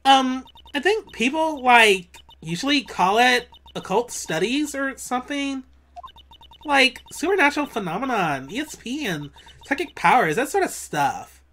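Ditzy valley-girl college student, high and sing-song, as a woman puts her on. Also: very animated, unhurried, fairly bright tone, heavily acted. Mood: bubbly. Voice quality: valley girl drawl with constant "like". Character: ditzy young female college student, occult fan.

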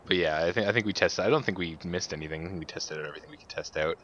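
Here a man races along in a fairly bright tone while co-hosting a farming game video, chatting loosely and laughing frequently. Faint hiss runs under the muffled, low-fi microphone sound.

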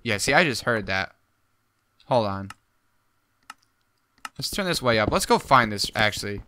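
A young man giving casual gameplay commentary, excitable and jumpy, talking to himself as he plays. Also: fairly low pitch, measured pace, a little hiss or hum. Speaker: gaming YouTuber.

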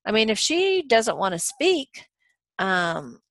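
A woman's voice: medium pitch, very animated, slow pace, a bit bright, no echo. A woman lecturing a college law class in a conversational way, with frequent ums and uhs. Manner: conversational, many ums and uhs, acts out quoted dialogue. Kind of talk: recorded lecture.

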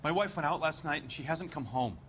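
A man's voice: fairly high pitch, expressive, fairly quick, fairly bright tone, a little hiss or hum. An actor playing an anxious middle-aged husband and father in a crime game. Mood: worried. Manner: worried, pleading.

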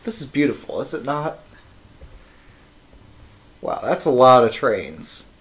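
Slow, musing male programmer. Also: mid-range voice, sing-song, slightly rough. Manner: thinking aloud, wry, many ums and uhs. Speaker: live-streaming programmer. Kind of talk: casual live coding stream.

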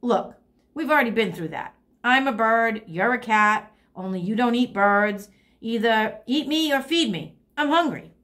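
A woman's voice: on the high side, unhurried, fairly bright tone. A woman voicing a bossy, hungry young female bird who can't fly, demanding and pouting.

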